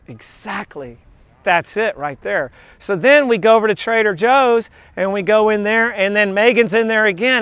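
A man's voice: high-pitched, a bit bright, no echo. A male pastor giving a casual, anecdotal sermon at an outdoor beach church, chatting with frequent asides to the congregation.

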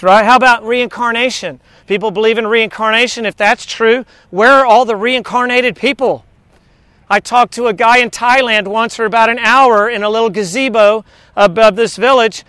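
A man delivering a sermon with emphatic scripture reading. His voice sits high for a man and sounds smooth and crisp. He keeps drawing in the listeners with quick questions. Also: sharp tone, dry recording. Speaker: preacher.

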